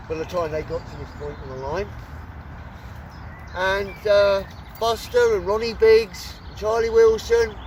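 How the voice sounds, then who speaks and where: Chatty man vlogging beside a country road, fairly high voice, mic some way off. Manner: chatty, self-correcting. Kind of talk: casual storytelling. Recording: distant mic with loud outdoor noise.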